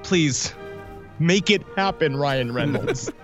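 A man's voice: a little high, takes it slowly, fairly bright tone, faint music behind. A man co-hosting a podcast, reading supporter names and cracking crude jokes. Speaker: podcast co-host.

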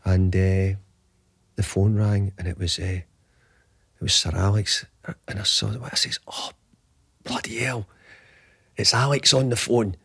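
Guy in his 50s rambling through an anecdote, super deep voice, dry close mic. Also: fairly even intonation, normal speed, gravelly, fairly bright tone, slightly rough, dry recording. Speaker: guest. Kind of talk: storytelling interview answer.

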